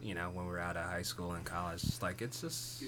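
A man's voice: low-pitched, fairly even intonation, brisk, background noise. A man co-hosting a casual chat who rambles through his stories and laughs easily. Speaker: podcast co-host. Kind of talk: casual banter.

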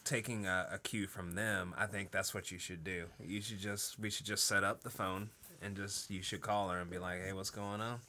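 A man's voice: low-pitched, little pitch movement, normal speed, hardly any pauses, pushed and bright, a little hiss or hum. A man co-hosting a podcast, joking and rambling through explanations in casual chat. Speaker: podcast co-host.

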